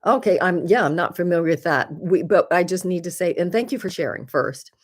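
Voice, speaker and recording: A woman's voice: fairly low pitch, lively intonation, a little fast, slightly rough. A woman hosting a live stream, chatting candidly and earnestly with viewers, often laughing at herself and offering encouragement. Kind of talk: casual chat answering viewer comments.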